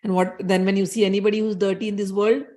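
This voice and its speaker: A woman retelling a scripture story and explaining its meaning in an animated, conversational way. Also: medium pitch, fast talker. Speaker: spiritual storyteller.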